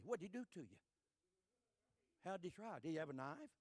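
High-voiced preacher. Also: male voice, very animated, moderate pace, breathy edge, dry recording. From Texas. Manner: repetitive, building to loud shouted crescendos. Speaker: pastor. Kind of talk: sermon with folksy storytelling.

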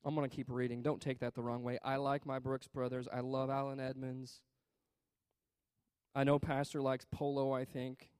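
A man preaching, his voice rising into loud emphatic bursts and then dropping to quiet asides. He reads scripture aloud with pauses to comment. The sound is dry and close, with mid-range pitch. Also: monotone, smooth, dry recording. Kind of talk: sermon.

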